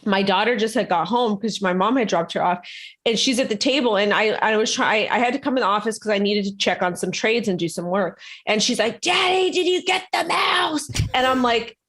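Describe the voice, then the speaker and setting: A woman co-hosting a casual talk show, telling a home story in an animated way and acting out the people in it. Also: mid-range voice, brisk. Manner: animated storytelling with acted quotes. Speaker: podcast co-host. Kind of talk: casual chat.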